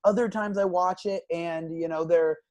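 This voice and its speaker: Man, podcast co-host, casual film talk, fairly high voice, hesitant restarts. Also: moderate pace, highs cut off. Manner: relaxed, thinks aloud with frequent ums and restarts. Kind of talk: casual movie review chat.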